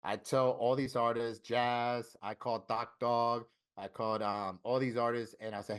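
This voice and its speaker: A man from Florida telling a story in casual interview talk, animated and profane, acting out what other people said. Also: mid-range voice, normal speed, clear, resonant tone. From Florida, USA. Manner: animated, profane, acts out quoted voices. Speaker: interview guest, tattoo artist.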